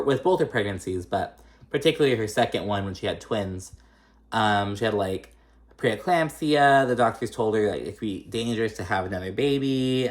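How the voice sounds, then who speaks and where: A man giving a casual recap of a reality TV episode, chatty and profane, with lots of fillers and shady asides. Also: on the low side.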